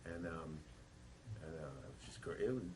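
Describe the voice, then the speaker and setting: A man, a punk musician, telling a rambling personal story in an interview, swearing and pausing on fillers. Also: deep voice, lively intonation, background noise. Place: record label office.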